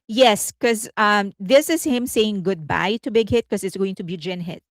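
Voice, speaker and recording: A woman hosting a casual entertainment news livestream, chatty and rambling, laughing often and thinking out loud. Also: mid-range voice, normal speed, dry recording.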